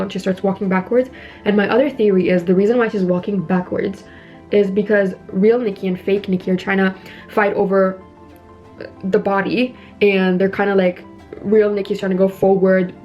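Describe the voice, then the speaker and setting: A woman's voice: medium pitch, a little mellow, muffled recording. A young woman chatting casually while doing her makeup, retelling a horror film scene by scene with lots of "like" fillers and acting out bits of dialogue. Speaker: beauty vlogger recapping a horror film. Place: indoors at home.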